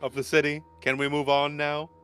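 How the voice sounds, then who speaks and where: A man narrating as game master of a tabletop game, telling the story in an animated, expressive way. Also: a little high, moderate pace, soft background music.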